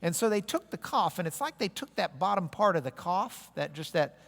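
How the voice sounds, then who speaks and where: Guy teaching bible class in a big echoey hall, pitch jumps all over, cracks jokes. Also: normal speed, creaky. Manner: jokey, animated teaching with audience call-and-response. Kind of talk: classroom lecture.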